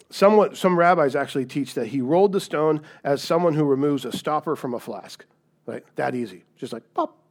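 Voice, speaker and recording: A man preaching a sermon in a conversational, animated storytelling way, often checking in with "right?". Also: on the high side. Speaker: pastor.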